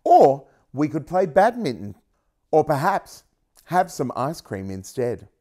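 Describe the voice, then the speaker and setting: A man voicing a young boy who talks gently and reasonably to a dragon in a picture book. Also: on the high side, huge pitch swings, slow, heavily acted. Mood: gentle persuasive. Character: young boy, calm and wise.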